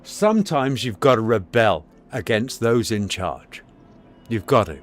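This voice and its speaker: A man's voice: medium pitch, very animated, measured pace. A man streaming live, telling a rambling, profane story and lecturing his chat, repeating himself for emphasis. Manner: storytelling, preachy.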